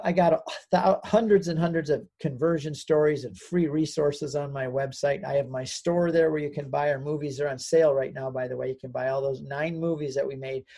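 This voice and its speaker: A man's voice: fairly high pitch, creaky, warm tone. An older American man, a guest on an interview, earnestly telling his conversion story and getting choked up at times. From United States. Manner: earnest storyteller, gets choked up, voices quoted people.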